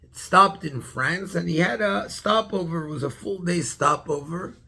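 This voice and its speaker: A man's voice: sits high, normal speed, gravelly, sharp tone, slightly rough. A man, a rabbi, tells a story in a Torah class, stopping often to search for words and restart his sentences.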